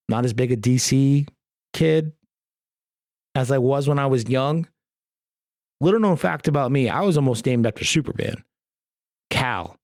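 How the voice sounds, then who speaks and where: A man's voice: medium pitch, a little mellow, dry recording, studio quality. A man hosting a podcast on his own, talking in a rambling, jokey way with lots of swearing. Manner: rambling, profane, jokey rants. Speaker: podcast host. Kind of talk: casual solo podcast chat.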